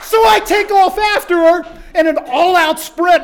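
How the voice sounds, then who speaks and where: A middle-aged man with a notably high-pitched voice tells a personal story to a live audience. He delivers it like a motivational speaker, dramatic throughout. He sinks to near-whispers, then climbs back to shouts. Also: normal speed, few pauses, noisy background.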